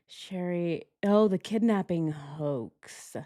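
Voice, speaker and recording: A woman's voice: on the low side, takes it slowly, dark tone, dry recording. Chatty woman reacting to a video, dry sound. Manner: chatty, laughs often, reads out viewer comments. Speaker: host. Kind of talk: casual reaction stream chat.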